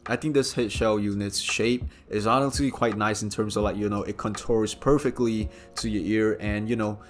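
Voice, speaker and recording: A man giving a casual, rambling product review, talking to the camera with lots of filler phrases. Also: on the low side.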